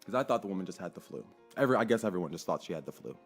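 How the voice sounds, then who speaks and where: A young adult man telling a personal story in a casual, animated way, acting out quoted voices and swearing freely. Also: low-pitched, very fast, slightly rough, faint music behind.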